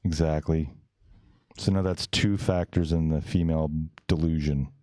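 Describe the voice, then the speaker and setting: A man with a low, dark voice hosts a podcast, talking over clips in a blunt, crude, rambling way. The sound is dry and close, with no room around it. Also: steady tone, normal speed, clear, resonant tone, dry recording. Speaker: podcast host. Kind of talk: casual reaction commentary.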